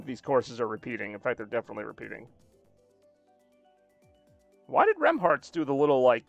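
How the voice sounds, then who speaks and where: A man's voice: mid-range voice, vocal fry, no room sound, lo-fi sound. Rambling, jokey young male streamer. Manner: rambling, jokey, reacting to chat. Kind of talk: casual game-stream chatter.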